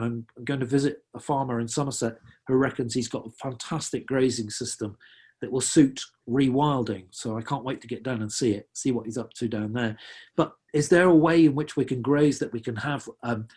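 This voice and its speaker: A middle-aged talks through a slideshow on wildlife in a conversational, earnest way. His voice is husky and sits at an ordinary middle pitch. He often doubles back and restarts his sentences with fillers as he goes. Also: a little mellow. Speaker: wildlife conservationist giving a talk. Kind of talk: illustrated public presentation.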